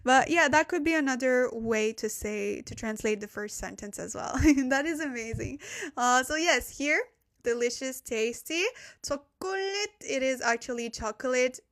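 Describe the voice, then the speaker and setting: High-voiced young woman teaching live. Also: normal speed, fairly bright tone. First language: not English. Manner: chatty, laughs often, talks to chat viewers. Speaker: Korean language teacher streaming live. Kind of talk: casual live-stream lesson. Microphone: desk microphone.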